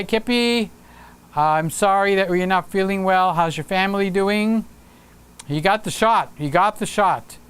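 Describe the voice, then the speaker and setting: A man with a high, clean-sounding voice hosts a relaxed livestream. He chats in an upbeat way, reads viewer comments out loud, and uses lots of fillers.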